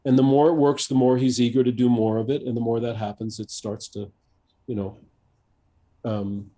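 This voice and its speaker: A man in his fifties, a coach being interviewed on a podcast, speaking thoughtfully and haltingly with many restarts and fillers. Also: medium pitch, steady tone, dark tone. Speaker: executive coach, guest.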